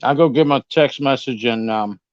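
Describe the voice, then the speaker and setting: A man's voice: medium pitch, fairly quick, dry recording. A man from California on a casual livestream chat, defensive and defiant, plain-spoken with some swearing. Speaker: guest on a livestream. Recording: dry, dull lo-fi stream audio.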